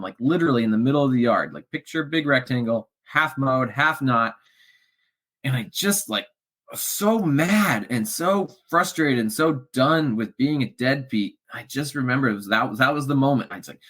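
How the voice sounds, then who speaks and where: A middle-aged man speaking as a podcast guest, telling his own story with raw feeling. His voice sits at an ordinary pitch, sinking low and soft at times and rising into loud bursts at others. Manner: emotional, swings from low murmurs to loud shouts. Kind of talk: candid storytelling interview.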